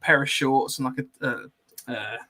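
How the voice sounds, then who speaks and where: A man's voice: mid-range voice, fairly even intonation, a little slow, pushed and bright. A man hosting a podcast, telling a story in casual chat with many ums and laughing asides. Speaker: podcast host.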